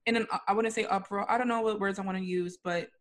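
A young adult woman talks on her podcast in a frank, emphatic way, swearing without a second thought. Her voice sits at a middling pitch, and the delivery stays loose and conversational. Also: fairly even intonation, fast. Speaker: podcast co-host. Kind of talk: casual podcast chat.

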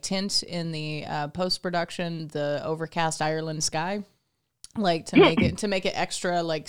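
A woman co-hosting a podcast in casual chat, chatty and animated with many fillers. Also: fairly low pitch, clean tone. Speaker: podcast co-host.

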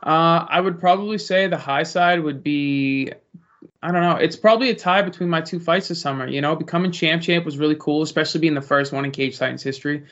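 On muffled, lo-fi audio, a young man who fights professionally speaks in a brisk, somewhat bright voice on the higher side. He rambles easily and casually through his interview answers.

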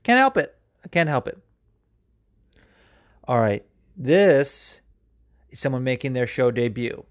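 A man hosts a podcast, answering listener questions with rambling, profane enthusiasm in casual chat. His voice is mid-range and slow.

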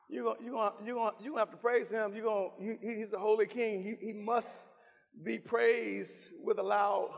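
High-pitched preacher man in a reverberant hall. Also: creaky. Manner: fervent preaching with shouts, repetition and call-outs. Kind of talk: sermon.

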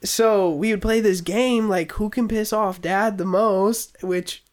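A man co-hosting a podcast, telling a childhood story in casual chat, animated and profane, often breaking into laughter. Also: high voice, slow. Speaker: podcast co-host.

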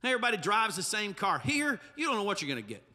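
A man's voice: high voice, wildly swooping pitch, fast, sharp tone, big-room sound. A male pastor, preaching a humorous, emphatic sermon with asides to the congregation. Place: church sanctuary.

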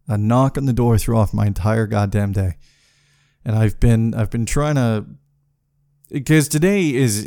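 A man hosting a solo podcast, talking in a halting, profane way with many restarts and sounding frustrated. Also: fairly low pitch, mellow, dry recording, clean studio sound. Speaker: podcast host. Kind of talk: casual solo podcast monologue.

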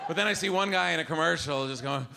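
A middle-aged man performing a live stand-up routine, animated, acting out the voices of his family. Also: a little high, fast talker, creaky. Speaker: stand-up comedian. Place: comedy club stage. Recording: live club with audible room noise.

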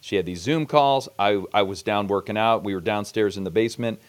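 Low-voiced man hosting an interview. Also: smooth. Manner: measured, reflective, steers with questions. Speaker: podcast host. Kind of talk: conversational interview.

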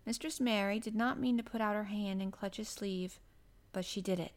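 A woman narrating a classic children's novel aloud in a gentle, even storybook manner. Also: medium pitch, normal speed.

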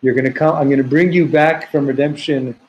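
A man leading a text study class. He translates Hebrew and Aramaic phrases line by line and slows down to quote verses. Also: mid-range voice, steady tone, darkish tone, lo-fi sound. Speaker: teacher.

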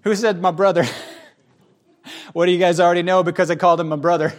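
High-voiced man preaching with jokes. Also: fairly even intonation, quick pace. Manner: conversational and joking, with asides to the audience. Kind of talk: sermon.

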